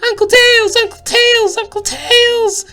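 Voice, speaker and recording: A man voicing excited three-year-old hedgehog kids in a very high falsetto. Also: unhurried, faint music behind, exaggerated voice.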